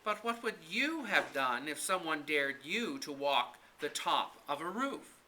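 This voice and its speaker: A man's voice: fairly high pitch, measured pace, slight background noise, full character voice, poor audio. A man voicing an eager, dramatic young girl in a storybook reading. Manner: excitable, theatrical.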